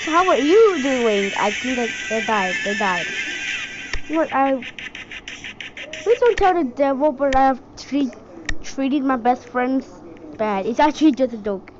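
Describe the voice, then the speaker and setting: A woman from India giving excitable let's-play commentary, yelping and exclaiming as she plays. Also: high-pitched, background noise. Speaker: gaming channel host. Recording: dull lo-fi audio with game music. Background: game music.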